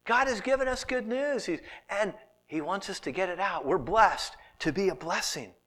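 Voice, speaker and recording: A middle-aged pastor preaching, his voice sitting a little high and ranging widely as he tells stories. He acts out little voices and sometimes sinks to a near whisper. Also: normal speed. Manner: animated storytelling, acting out voices, dropping to a hushed whisper. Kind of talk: sermon.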